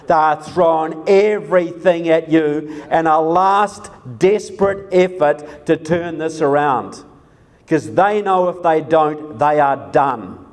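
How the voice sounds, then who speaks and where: A man's voice: a little high, darkish tone. Emphatic man giving a political talk. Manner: emphatic, repeats key words, asks the audience questions. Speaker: political speaker. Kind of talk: live presentation to an audience.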